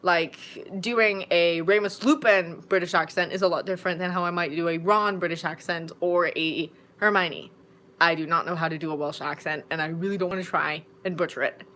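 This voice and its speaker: An adult woman who reads fanfiction aloud, chatting casually from home in a live-stream Q&A. She rambles and jumps into sudden bursts of excitement. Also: lowish voice. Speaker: fanfiction audiobook narrator and streamer.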